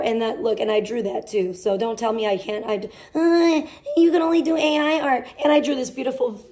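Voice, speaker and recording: Chatting casually on a livestream from her garage at home, a young woman rambles with animation and swears a lot. She speaks on the high side, and there's slight background noise.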